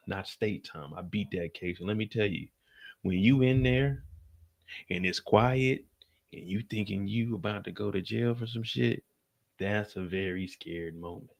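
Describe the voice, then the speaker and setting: A man hosting a live stream who reads out court updates in casual, animated commentary, with swearing and sudden whispers. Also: sits low, vocal fry.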